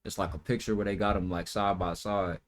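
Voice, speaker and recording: A man with a slightly low voice talks straight into his stream in a loose, slangy rant, swearing freely. He often breaks into high-pitched mocking impressions, and at times his voice drifts farther from the mic. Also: little pitch movement, a little fast. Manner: loose and profane, full of slang fillers. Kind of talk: casual reaction-stream rant.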